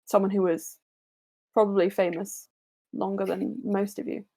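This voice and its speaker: Gravelly-voiced woman game master. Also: mid-range voice, level tone, normal speed, warm tone. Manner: playful, self-deprecating. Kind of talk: casual tabletop banter.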